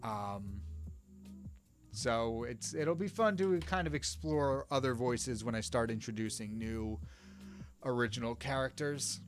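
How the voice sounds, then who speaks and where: A man's voice: mid-range voice, unhurried. A young man chatting casually on a live stream while he draws, rambling and stopping himself mid-sentence, with faint music behind him. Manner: rambling, self-interrupting, chats to viewers by name. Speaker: streamer drawing with live chat.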